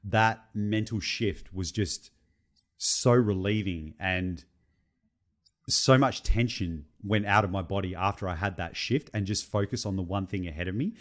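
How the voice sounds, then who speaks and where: A young man, co-hosting a casual podcast. He tells his story with lively, animated swings in his voice and swears freely. His voice sits a little low. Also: measured pace. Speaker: podcast co-host.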